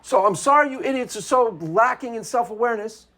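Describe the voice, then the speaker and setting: A man's voice: very high-pitched, a little fast, bright, forceful tone. Male video commentator, unscripted monologue, sarcastic and combative, hammers each point twice.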